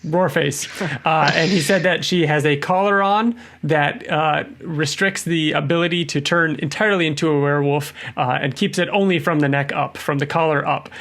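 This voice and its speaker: A man's voice: normal speed, hardly any pauses. A man co-hosting a podcast, chatting casually and acting out quotes in a raised voice. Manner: animated, acts out quotes in a higher voice. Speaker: podcast co-host. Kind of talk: casual chat.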